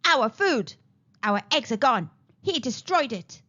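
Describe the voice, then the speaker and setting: A woman voicing a band of angry, bossy ants who shout at an intruder. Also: fairly high pitch, big pitch swings, slow pace, full character voice. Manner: loud and shouting. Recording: slightly dull lo-fi recording.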